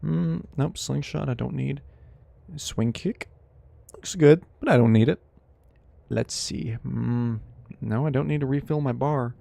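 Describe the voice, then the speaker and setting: A man's voice: medium pitch, measured pace, creaky, pauses often, dark tone, no room sound. Joking man streaming a video game. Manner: joking, sarcastic, rambling. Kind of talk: casual gaming commentary.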